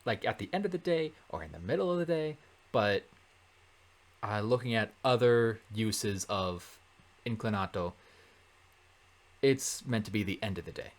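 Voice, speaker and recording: A man working through a Latin translation in a relaxed lesson, thinking aloud with many fillers and self-corrections. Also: lowish voice, normal speed, pauses often. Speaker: Latin tutor. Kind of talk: casual translation walkthrough.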